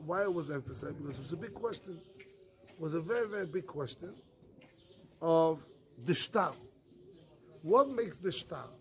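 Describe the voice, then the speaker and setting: There's a little hiss or hum as a man with a fairly high voice, a rabbi, leads a Talmud class in English that isn't his first language. Animated throughout, he voices the arguments in first person and fields his own rhetorical questions.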